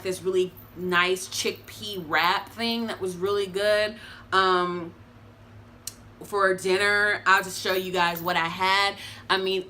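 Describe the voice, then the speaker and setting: A young adult woman talking casually to her viewers in a review vlog, chatty and expressive, calling them y'all. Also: lowish voice, a little hiss or hum. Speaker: vlogger.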